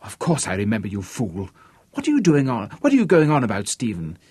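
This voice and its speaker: A man's voice: fairly low pitch, wildly swooping pitch, fairly quick, darkish tone, husky, no echo, exaggerated voice. A man voicing an exasperated gallery owner who scolds his friend.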